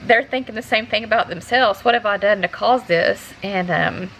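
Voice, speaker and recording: A woman vlogger talking in a halting, earnest way with many restarts, close to tears as she speaks to her viewers. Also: mid-range voice, fairly bright tone, a little hiss or hum, poor audio. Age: adult. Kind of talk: unscripted personal talk to camera.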